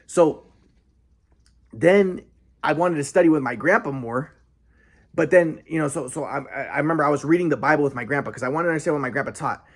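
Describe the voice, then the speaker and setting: A man's voice: on the high side, fairly quick. A young man telling a rambling personal story in a casual monologue, with many restarts and quoted asides.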